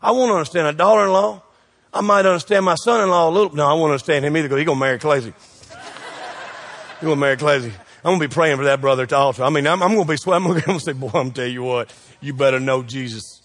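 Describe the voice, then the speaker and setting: Pastor, man, lively joking preacher who quizzes the crowd, higher-pitched voice, long hall echo. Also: a little hiss or hum. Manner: preachy and joking, quick shifts in loudness, call-and-response questions. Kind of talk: sermon.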